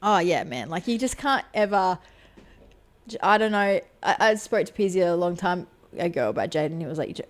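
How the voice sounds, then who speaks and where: A woman's voice: fairly low pitch, lively intonation, moderate pace. A woman, a fight promoter co-hosting a podcast, chatting casually in a rambling way, swearing freely and acting out quotes.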